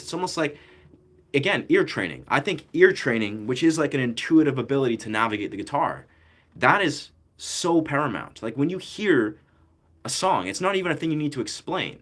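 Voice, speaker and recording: A young man talks music straight to his camera in a loose, slangy ramble. He circles his points with fillers and restarts. His voice sits in an ordinary middle pitch. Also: sing-song, a little fast, fairly bright tone. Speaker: musician and content creator. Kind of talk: casual talk to camera about music.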